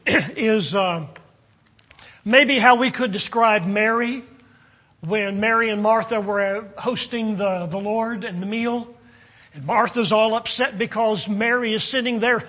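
A man preaching a sermon, reading King James scripture and explaining it with slow, deliberate phrasing. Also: high voice, fairly bright tone. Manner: slow, deliberate delivery with long pauses between phrases. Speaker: pastor.

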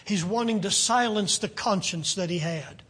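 A man preaching a sermon, reading scripture aloud slowly and deliberately and rising loudly on key phrases. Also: high voice, husky.

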